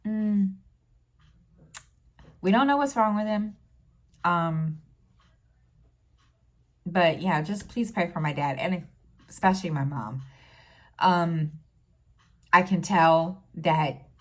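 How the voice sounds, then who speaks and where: A middle-aged woman talking in a casual personal vlog, halting and full of fillers, close to tears. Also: fairly low pitch. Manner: halting, many fillers and restarts. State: tearful, near crying. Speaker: stitching vlogger.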